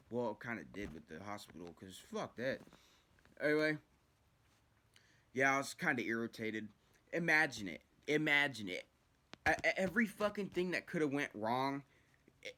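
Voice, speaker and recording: A young man telling a rambling, profane story about his own past in a casual vlog. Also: medium pitch. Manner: profane, rambling, animated retelling.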